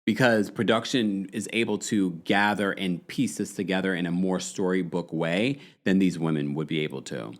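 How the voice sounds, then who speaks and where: A man's voice: sits low, steady tone, moderate pace, hardly any pauses. A man hosting a podcast, chatting casually in slang and acting out quotes from the people he talks about. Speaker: podcast host. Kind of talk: casual recap commentary.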